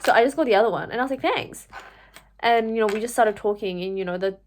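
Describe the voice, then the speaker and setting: A woman's voice: mid-range voice, rapid-fire, slight background noise. A young woman, telling a personal story to camera in a chatty way, full of fillers and "like". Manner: chatty, full of fillers, animated when quoting herself. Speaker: vlogger.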